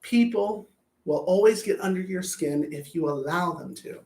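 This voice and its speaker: A man's voice: high voice, animated, normal speed, vocal fry, darkish tone. Blunt, profane man coaching. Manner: blunt, profane, repeats words while thinking. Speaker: anger management coach. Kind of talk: self-help talk. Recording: roomy echo.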